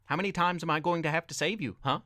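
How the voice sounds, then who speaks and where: A man's voice: on the high side, fast, pushed and bright, no room sound, clean studio sound. A man doing a teasing young rescuer. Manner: wry, teasing. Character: teasing young rescuer, a computer whiz kid.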